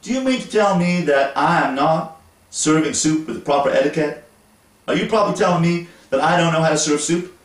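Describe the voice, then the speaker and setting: A man's voice: a little high, expressive, a little fast, natural voice. A man putting on an indignant wife. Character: imagined wife, indignant and defensive. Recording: roomy echo, voice from a distance.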